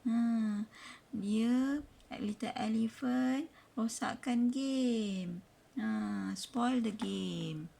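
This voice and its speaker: A woman with a Malaysian accent reading a picture book aloud to a child, slow and expressive, pausing to explain. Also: on the high side, creaky, slight background noise.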